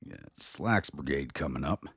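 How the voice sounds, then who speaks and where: A man hosting a strategy game playthrough, talking to his units out loud as he urges them on and thinks things through. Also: very deep voice, animated, a little slow, husky, dry recording, clean studio sound. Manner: talks to his units aloud, urging and musing. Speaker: gaming channel host.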